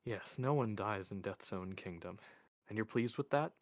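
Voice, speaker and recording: A man voicing an intense young man who speaks quietly and evenly with a cold edge, reading a story aloud. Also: fairly low pitch, moderate pace, dry recording, studio quality, lightly acted. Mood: earnest. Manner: quiet, even, menacing.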